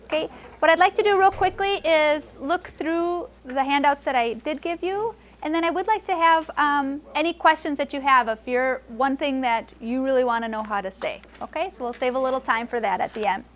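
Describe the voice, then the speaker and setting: A woman teaching conversational Spanish to adults, switching between English and Spanish and repeating phrases slowly for the learners. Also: high voice. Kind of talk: classroom language lesson.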